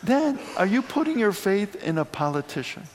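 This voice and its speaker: Guy preaching sunday sermon, chatty and animated, lots of asides, echoey church. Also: high-pitched, moderate pace, slight background noise. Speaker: priest.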